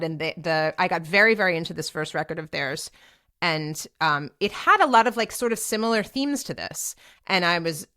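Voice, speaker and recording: A woman in her forties hosting a casual solo podcast, talking in an animated, chatty way with lots of fillers and restarts. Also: lowish voice. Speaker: podcast host and DJ. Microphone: speaking to a camera for a video podcast.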